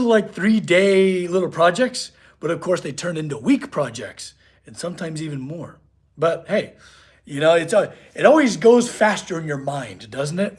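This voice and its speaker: A man's voice: high-pitched, slightly rough. A young man, a blacksmith in his home shop, chatting casually on a live stream and reading chat aloud. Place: home workshop.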